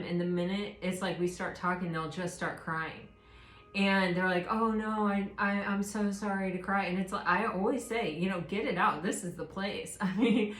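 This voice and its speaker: A woman giving a casual, rambling tarot reading, gentle and full of fillers and restarts. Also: mid-range voice, reverberant. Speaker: tarot reader.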